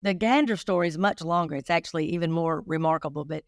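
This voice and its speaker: A woman's voice: low voice, fast talker, dry recording, studio quality. A middle-aged woman, a guest telling stories in a casual interview and speaking straight to the listeners. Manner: lively storyteller who addresses listeners directly. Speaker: guest investigator.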